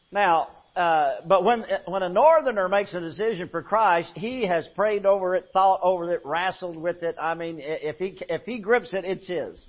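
A male pastor preaches in a folksy storytelling way, his voice sitting a little high for a man. He drops to a hush and then builds up loud. The recording sounds dull and muffled. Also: moderate pace. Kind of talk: sermon.

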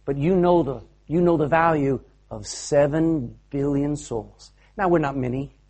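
A man's voice: on the high side, measured pace, mellow. A man preaching a sermon to a live audience, fervent and exhorting, calling people to action. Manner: fervent, exhorting, directs volunteers on stage.

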